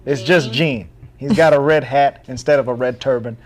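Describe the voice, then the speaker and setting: A man's voice: medium pitch, moderate pace, crowd noise. A man co-hosting a podcast, casually recapping a film with lots of fillers, restarts and laughs. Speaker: podcast co-host. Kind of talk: casual chat.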